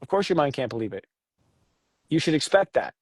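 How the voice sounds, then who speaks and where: A man co-hosting a casual spiritual talk about astrology, animated and joking. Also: a little fast, slightly rough, no echo. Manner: animated, jokes, acts out voices with big pitch jumps. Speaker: astrology show co-host.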